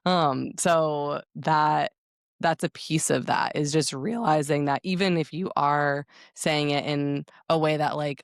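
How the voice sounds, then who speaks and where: A woman's voice: low-pitched, vocal fry, dry recording, studio quality. A woman co-hosting a podcast, speaking thoughtfully and expressively and laughing easily. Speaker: podcast co-host. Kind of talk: casual podcast conversation.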